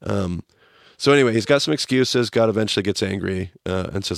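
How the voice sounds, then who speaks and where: A man hosting a podcast, teaching a Bible story in a casual, animated way. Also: on the low side, a little fast, creaky, no room sound, studio quality. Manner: animated, acts out quotes as he teaches.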